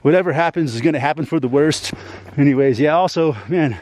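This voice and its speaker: A man's voice: on the high side, a little fast, a little mellow. A man venting to his YouTube audience in a rambling, heavily profane monologue, ending many lines with "man.".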